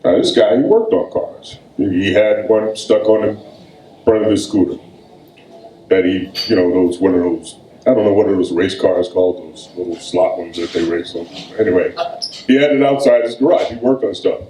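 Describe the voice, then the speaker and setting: A man's voice: deep voice, dark tone. Man reading poetry in an echoey room. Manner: slow, weighty reading, then loose conversational storytelling. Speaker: poet. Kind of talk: poetry reading and storytelling at a live event. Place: event room.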